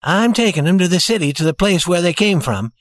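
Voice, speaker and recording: A calm young safecracker, a bit raised in pitch, quietly in command, as a male storyteller puts him on. The sound is dry and close to the mic. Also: a little fast, no room sound. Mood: easy.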